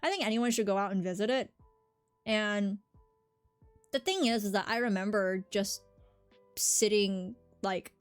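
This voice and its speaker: A woman from the American South with a slight Southern accent, chatting casually on a live stream as its host and answering her chat in a rambling way. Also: mid-range voice. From Southern United States.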